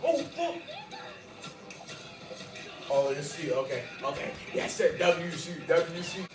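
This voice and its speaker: A man reacting live to an episode, with loud excited outbursts and heavy profane slang. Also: fairly high pitch, normal speed. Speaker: reaction video host. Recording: roomy, distant mic, show audio behind. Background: episode audio and music playing.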